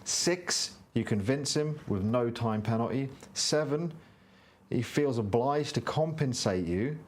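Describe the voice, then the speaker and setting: A man's voice: mid-range voice, lively intonation, darkish tone, slight background noise. A man reading a board game's story and rules aloud, with casual chat between turns while playing. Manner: brisk read-aloud, narrating the game's story text. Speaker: co-host reading a board game script aloud. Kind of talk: reading game text and casual play chat.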